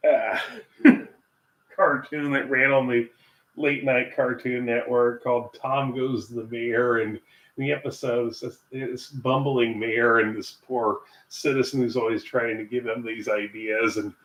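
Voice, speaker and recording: Cooking at home for his livestream, this American vlogger and English teacher rambles through asides and laughs quietly at himself. He speaks a little slowly at a medium pitch that barely moves, with a fairly bright tone. A distant mic picks him up in an echoey kitchen with faint background noise.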